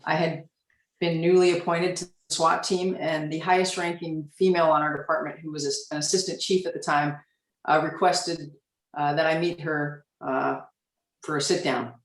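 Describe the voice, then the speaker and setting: A woman in her forties, a police officer on a discussion panel, telling a candid story from her career in a reflective way with frequent pauses. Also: sits low, steady tone, reverberant, recorded from a distance, poor audio.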